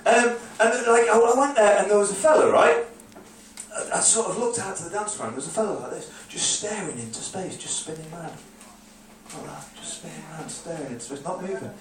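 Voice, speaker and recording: A man's voice: high-pitched, fairly quick, a little hiss or hum. Stand-up man, echoey room, far off. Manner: rambling storytelling, acts out drunk clubbers in shouted bursts. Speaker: stand-up comedian. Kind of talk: stand-up comedy set. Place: comedy club stage, live audience. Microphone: phone recording from the audience.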